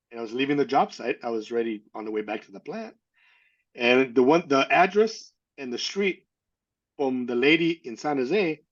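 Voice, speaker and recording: A man's voice: medium pitch, dull audio. A man from California telling a personal story as an interview guest, acting out the people he quotes. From California, USA.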